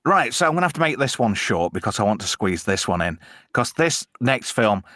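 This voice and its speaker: A man's voice: mid-range voice, big pitch swings, brisk, sharp tone, no echo, clean studio sound. A man hosting a casual live-stream film chat, telling stories in a chatty, self-deprecating way.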